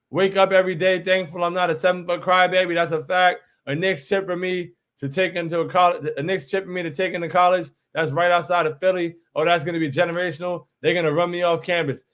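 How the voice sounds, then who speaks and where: A man in his thirties from New York hosting a fan livestream, excitedly reading viewer comments aloud and repeating phrases. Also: on the high side. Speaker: livestream host reading chat. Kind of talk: casual hype chat.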